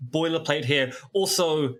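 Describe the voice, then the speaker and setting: A man's voice: on the high side, measured pace, a bit bright. A man in his thirties with a New Zealand accent, co-hosting a casual podcast chat with playful, goofy asides. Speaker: podcast co-host.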